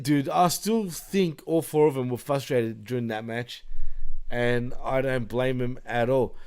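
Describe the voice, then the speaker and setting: Laid-back man, higher voice. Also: a little mellow. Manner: laid-back, laughs often, says bro and dude. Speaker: podcast co-host. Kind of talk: casual wrestling chat.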